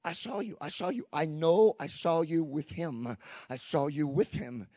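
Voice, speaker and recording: A man's voice: fairly high pitch, animated, measured pace, dark tone, dry recording, voice pushed down. Insistent servant girl, keeps repeating herself, as a male preacher puts her on, dull dry recording. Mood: accusing. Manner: insistent and repetitive. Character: accusing young servant girl. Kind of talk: sermon.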